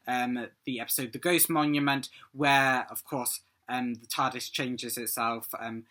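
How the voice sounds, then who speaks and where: Man, fan video host, casual commentary, hesitant with fillers, tense bright tone. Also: mid-range voice. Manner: hesitant, frequent ums. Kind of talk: casual episode breakdown commentary.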